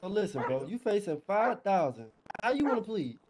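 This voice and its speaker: A man's voice: high-pitched, sing-song, a little fast, very noisy. A man in a gaming roleplay, playing a police chief, bossy and profane.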